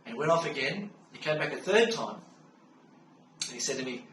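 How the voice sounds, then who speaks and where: A middle-aged Australian man calmly recounting a personal story in an unhurried way, with frequent fillers. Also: fairly high pitch. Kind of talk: personal spoken testimony. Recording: roomy sound from a distance with faint background hum.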